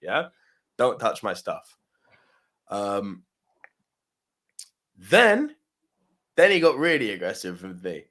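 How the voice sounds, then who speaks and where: A man hosting a podcast, casually telling an animated story and acting out the back-and-forth of a confrontation. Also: on the low side, slow pace, long pauses. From Nigerian background. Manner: animated anecdote telling, acts out quoted exchanges. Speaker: podcast host.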